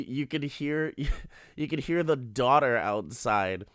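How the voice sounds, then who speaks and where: A man's voice: mid-range voice, moderate pace, a bit bright, clean tone, dry recording, clean studio sound. A man hosting a podcast, recapping a story casually and profanely with amused laughs. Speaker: podcast host. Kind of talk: casual comedic episode recap.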